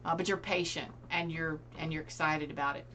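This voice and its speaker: A woman's voice: deep voice, steady tone, fairly quick, pushed and bright, slight background noise. A woman giving a casual tarot reading, speaking earnestly and directly to her viewers. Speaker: tarot reader.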